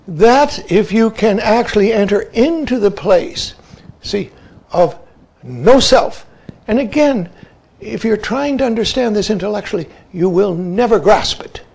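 A man's voice: sits high, creaky, a little mellow, low-quality recording. A man, a Zen teacher, giving an emphatic dharma talk and often saying "see" as a verbal tic.

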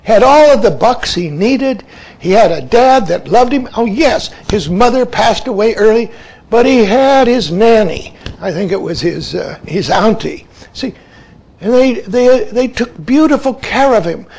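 Male Zen teacher with a high voice, giving an emphatic, repetitive dharma talk. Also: animated, unhurried, vocal fry, a little mellow, rough recording. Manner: emphatic, repeats "see" as a verbal tic.

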